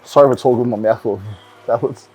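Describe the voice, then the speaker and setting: A bodybuilder and coach chats casually to the camera for his vlog, explaining things in a relaxed way. He talks fast in a mid-range voice with a breathy edge, dropping frequent ums and repeating words.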